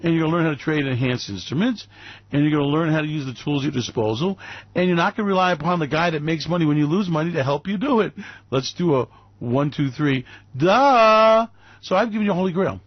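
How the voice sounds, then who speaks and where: A man's voice: fairly high pitch, fast talker, no room sound, dull audio. Mocking, theatrical male radio host. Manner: mocking, theatrical, swings into put-on silly voices. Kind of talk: sarcastic ranting monologue.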